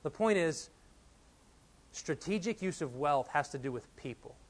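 A fairly high-pitched man from Texas, in his thirties, delivers a sermon as a pastor. He tells a personal story in an easy conversational way, then rises to urgent, emphatic points. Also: lively intonation, unhurried.

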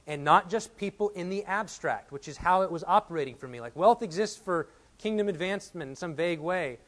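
A man's voice: fairly high pitch, lively intonation, brisk, hardly any pauses, fairly bright tone. A man from Texas in his thirties preaching a sermon as a pastor, telling a personal story and building to emphatic points.

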